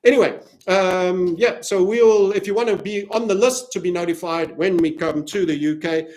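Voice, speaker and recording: A man from Africa hosts a crypto chart analysis video in a fairly high voice. He rambles from point to point and cracks jokes. He also plugs his own community along the way. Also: normal speed, darkish tone. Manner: rambling, jokey, self-promoting. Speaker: crypto trading analyst and channel host.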